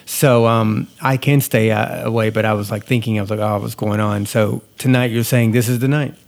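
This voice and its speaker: Podcast co-host, young man, gravelly, slow and thoughtful. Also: mid-range voice, fairly even intonation. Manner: slow, thoughtful, many restarts. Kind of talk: casual couple's podcast chat.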